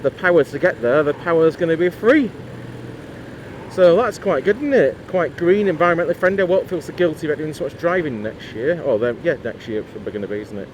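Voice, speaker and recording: A man's voice: medium pitch, a little mellow, a little hiss or hum. A man chatting casually to camera for his motorcycle vlog, rambling with lots of asides and fillers. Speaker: motorcycle vlogger.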